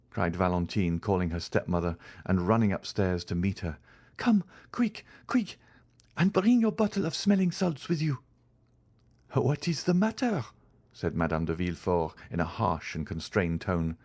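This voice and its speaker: A man's voice: deep voice, animated, moderate pace, a little mellow. A male narrator voicing an anxious, devoted young woman in a storybook reading, pleading and crying out for help. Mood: frantic. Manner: pleading, rising to frantic cries.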